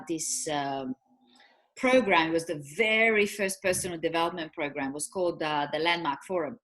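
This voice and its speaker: A woman's voice: lowish voice, fairly bright tone. Woman, 40s, chatty co-host, rambling storyteller with fillers. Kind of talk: casual chat.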